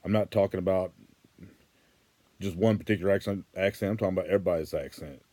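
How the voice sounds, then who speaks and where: A man's voice: low voice, fast talker, warm tone, dry recording. A man with a Western Arkansas accent, talking casually to camera in a rambling, plainspoken way that repeats and restarts. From Arkansas, USA. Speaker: vlogger.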